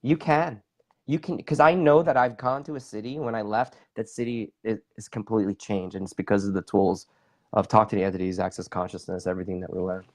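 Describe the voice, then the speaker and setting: A man's voice: on the low side, steady tone, a little fast, darkish tone. A middle-aged man, a bodywork practitioner, telling an enthusiastic story in an interview with many fillers. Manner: enthusiastic, talks with his hands, lots of fillers. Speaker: guest, bodywork practitioner and facilitator.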